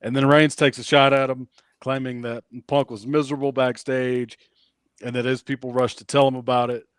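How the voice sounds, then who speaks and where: A man's voice: mid-range voice, flat delivery, normal speed, smooth, no echo. A man co-hosting a wrestling podcast, casually recapping the week's show and acting out the wrestlers' promos. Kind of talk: casual chat.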